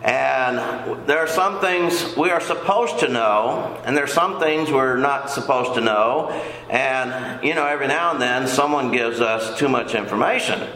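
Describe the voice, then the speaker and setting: A man's voice: medium pitch, sharp tone. An older man teaching a casual Bible lesson in a folksy, rambling way, often repeating himself. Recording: echoey room.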